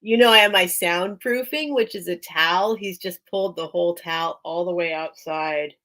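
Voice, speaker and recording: A woman's voice: on the low side, moderate pace, fairly bright tone. A woman hosting a casual live-stream sale from a small room at home, chatty and easily distracted, laughing often. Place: small room at home with a towel under the door.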